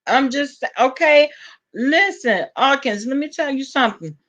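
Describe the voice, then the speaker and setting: A woman's voice: unhurried, muffled recording. A woman with a Southern US accent telling a gossipy story to her viewers in a casual vlog, acting out the quotes with sudden jumps in her voice. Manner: animated gossip, acts out quotes with big pitch jumps. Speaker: vlogger.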